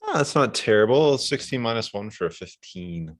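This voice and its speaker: A man with a lowish voice chatting as a player at a tabletop game. He is easygoing and jokes between moves. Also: animated, moderate pace, noisy background. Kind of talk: casual play at a tabletop game.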